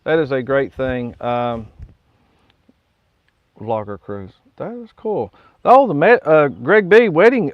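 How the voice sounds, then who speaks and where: A man's voice: mid-range voice, no room sound, muffled recording. A man with a West Virginian accent, hosting a casual live morning chat, rambling folksily and reading viewer comments aloud with chuckles. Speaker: host of a live morning coffee stream.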